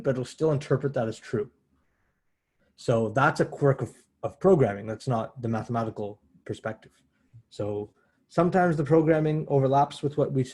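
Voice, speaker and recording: A man with a mellow, medium-pitched voice and a breathy edge gives a university math lecture. He keeps it conversational, working through things step by step and often correcting himself.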